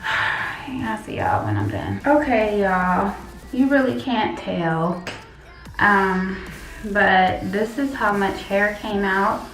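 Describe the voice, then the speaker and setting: A woman's voice: medium pitch, animated, slow pace, a bit bright, recorded from a distance. A woman chatting casually to her viewers in a hair tutorial vlog, calling them y'all. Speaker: beauty vlogger. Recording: echoey room with faint music.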